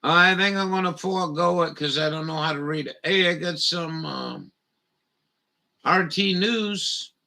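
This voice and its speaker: A man's voice: a little high, fairly even intonation, unhurried, vocal fry, pushed and bright. A man grumbling and swearing as he rambles through a live stream, muttering to himself as he reads.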